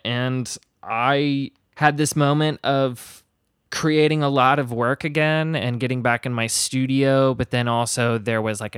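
A man talks casually and at length, his speech wandering through asides and stories. He gets animated and lively when something excites him. The room is dry, with no echo at all. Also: mid-range voice, smooth. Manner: rambling, animated storytelling. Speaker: guest musician. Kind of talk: casual conversation.

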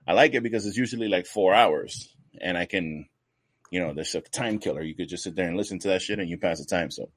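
A man hosts a casual podcast in a low, deep voice. He rambles loosely through banter and swears freely. The sound is very dry and close, with no room behind him. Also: a bit bright, no echo. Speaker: podcast co-host.

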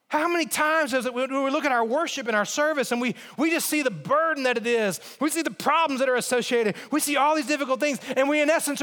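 A man's voice: extremely high pitch, animated, normal speed, fairly bright tone, in a large hall. A man preaching a sermon as pastor, earnest and emphatic, repeating key phrases for weight. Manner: earnest, repetitive emphasis, mimics others in asides.

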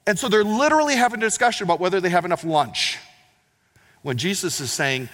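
A man preaching a sermon, swinging between loud emphatic lines and quiet, low asides. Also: sing-song, fast. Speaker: pastor. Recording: long hall reverb.

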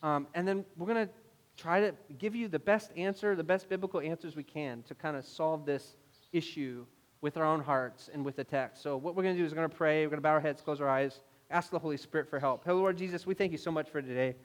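Guy preaching, lively and jokey, long church echo. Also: a little high, brisk. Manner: animated storytelling, mock-exasperated asides. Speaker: pastor. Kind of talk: sermon. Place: church hall. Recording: long hall reverb.

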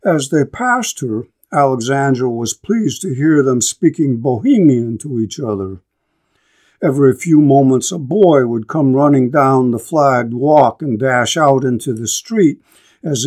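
A man reading a novel aloud and then commenting on it as a lecturer, in a measured, thoughtful way. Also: mid-range voice, a little mellow. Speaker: literature lecturer.

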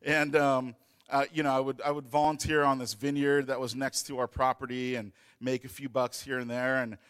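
A man's voice: mid-range voice, flat delivery, normal speed, a bit bright, clean tone. Rambling man telling a story. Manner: rambling, with many fillers and restarts. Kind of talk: casual storytelling.

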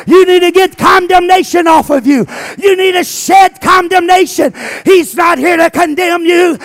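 A male pastor preaching an impassioned sermon that rises into shouting, with a gravelly voice. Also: very high-pitched.

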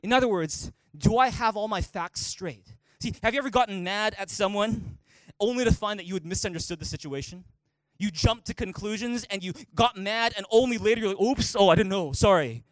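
A pastor preaching with a high, bright voice, recorded close and dry. He talks in an animated way and acts out the voices he quotes. The delivery is a sermon given in a church. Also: fairly quick, dry recording. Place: church auditorium.

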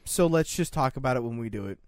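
A man's voice: medium pitch, expressive, dry recording, studio quality. A man co-hosting a podcast, teasing his partner and chiming in casually. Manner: teasing, chiming in with quick interjections. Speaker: podcast co-host. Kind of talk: casual chat.

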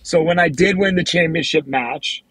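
A man's voice: a little high, normal speed, fairly bright tone, slightly rough, no room sound, poor audio. A man, a martial arts competitor, casually telling the story of his championship celebration. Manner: easygoing, laughs along.

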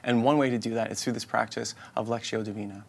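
A man's voice: fairly even intonation, fast, gravelly, slightly rough. Earnest man preaching a sermon. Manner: earnest, repetitive, inviting phrasing; drops to a soft, low voice in prayer. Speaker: pastor.

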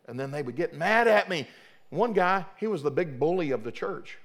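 Gravelly fervent middle-aged preacher man. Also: fairly high pitch, lively intonation, moderate pace. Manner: fervent, repeats and restarts words. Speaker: pastor. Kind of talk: sermon.

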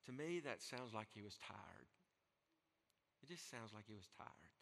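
A man preaching a sermon as pastor, moving between soft, hushed lines and loud, emphatic declarations. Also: fairly low pitch, big pitch swings, a little slow, gravelly, pauses often, in a large hall. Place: church sanctuary.

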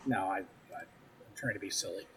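A man co-hosting a podcast, making jokes and quickly apologizing in casual chat. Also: low voice, fairly bright tone, slightly rough.

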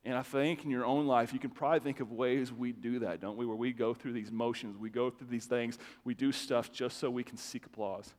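A man preaching a sermon to his congregation, talking in a loose, conversational way with quick restarts. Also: mid-range voice. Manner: conversational, animated, with stammered restarts. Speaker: pastor. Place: church sanctuary. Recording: long hall reverb.

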